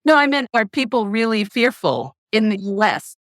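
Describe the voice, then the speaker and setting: A woman's voice: fairly high pitch, sing-song, normal speed, a bit bright, dry recording, clean studio sound. Wry European woman co-host. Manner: short wry questions and replies. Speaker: podcast co-host. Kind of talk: casual podcast talk. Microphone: remote call.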